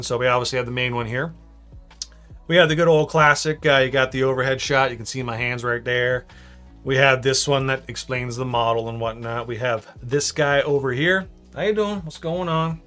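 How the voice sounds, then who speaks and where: A man's voice: mid-range voice, a bit bright. A man hosting a casual live stream from his home studio, chatty and upbeat as he greets viewers. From Canada. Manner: upbeat, chatty, reads viewer comments aloud. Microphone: shotgun mic.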